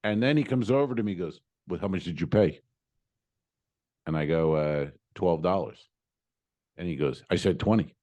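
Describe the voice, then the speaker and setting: A man's voice: sits low, moderate pace, pauses often, warm tone. A man co-hosting a comedy podcast, telling a travel story casually and acting out both sides of the exchanges with exasperation. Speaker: podcast co-host.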